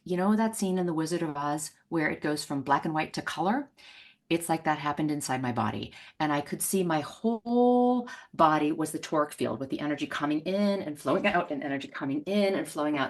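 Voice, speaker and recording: Low-voiced woman telling a story. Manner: animated, acts out quoted voices. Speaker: money mindset coach. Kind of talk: storytelling in a podcast conversation.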